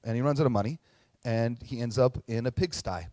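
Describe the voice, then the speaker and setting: Casual male preacher, animated storyteller, mid-range voice, dry recording. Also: mid-range voice, fairly quick, no room sound. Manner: casual and animated, frequent tag questions. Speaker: pastor. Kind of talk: conversational sermon.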